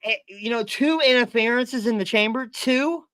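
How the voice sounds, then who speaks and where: A man talks wrestling on a live podcast in an excitable, profane way, tripping over his words and repeating himself. His voice sits high and bright. The sound is dry and close. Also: normal speed, clear, resonant tone, dry recording. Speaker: podcast co-host. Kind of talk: casual wrestling chat.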